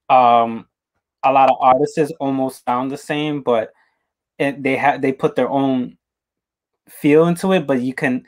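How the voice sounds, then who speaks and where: A man hosting an interview, talking casually in halting, rambling sentences with many repeated words. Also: medium pitch. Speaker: interview host.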